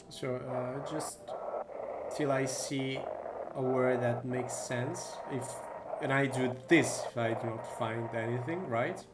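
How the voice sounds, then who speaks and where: A man's voice: medium pitch, steady tone, takes it slowly, music in the background. A man playing a horror game, muttering casual asides and joking at himself. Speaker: gaming streamer. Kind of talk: let's-play commentary.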